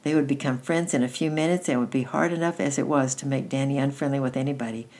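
A woman reading a children's book aloud in a gentle, unhurried way, with small restarts. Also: extremely low pitch, steady tone. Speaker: storyteller.

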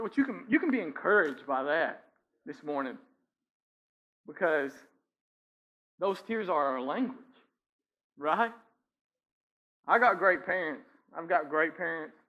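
A man preaches in a church, in a conversational style, checking in with "right?" and chuckling between points. His voice sits a little high for a man. The recording sounds dull and lo-fi. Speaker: pastor. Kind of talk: sermon. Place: church sanctuary.

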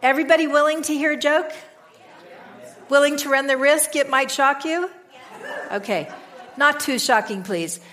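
A woman's voice: sits high, moderate pace, pauses often, a bit bright, some chatter behind. A woman leads a group in an upbeat way, coaxing people to come up and tell jokes. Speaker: group leader. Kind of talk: hosting an open-mic joke session.

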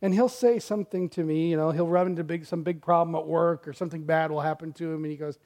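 A middle-aged pastor speaks fast in a fairly high voice with fairly even intonation during his sermon. Recounting a personal story, he moves dramatically from loud exclamations to hushed, nearly whispered phrases.

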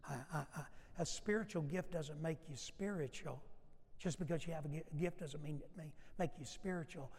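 A man's voice: fairly high pitch, brisk, a little mellow, husky. Preaching man in a reverberant hall. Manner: emphatic preaching, acting out Bible dialogue. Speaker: pastor. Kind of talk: sermon.

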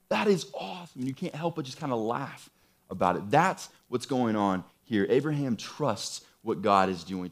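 Brief: a casual, emphatic male preacher with a lively, animated delivery. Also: on the high side. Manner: conversational, emphatic, repeats phrases. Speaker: pastor. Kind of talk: sermon.

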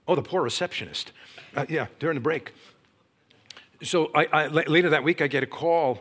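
A middle-aged man preaching a testimony sermon, telling his story dramatically and swinging from hushed, low passages to loud, urgent ones. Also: brisk, long pauses, slightly rough. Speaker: Christian speaker and former teacher.

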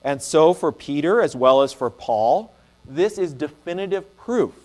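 A man preaching a sermon in an earnest, measured way, sometimes restarting a phrase. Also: fairly high pitch, animated, a little mellow. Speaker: pastor.

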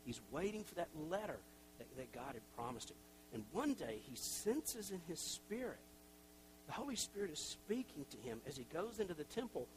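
A man's voice: on the high side, sing-song, moderate pace, background noise. A middle-aged man preaching a sermon as a pastor, talking conversationally with self-deprecating asides and acted-out quotes. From Tennessee.

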